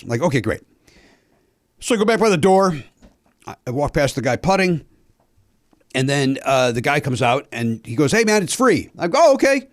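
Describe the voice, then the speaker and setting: A man's voice: on the high side, no echo. Man, podcast host, casual storytelling, swears, dry close sound. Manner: animated, acts out quoted dialogue, swears.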